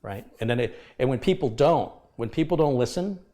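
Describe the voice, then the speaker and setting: A man running a live computer repair stream talks casually but forcefully, lecturing the audience with passion. He has a warm, mid-range voice with lively intonation and a brisk pace.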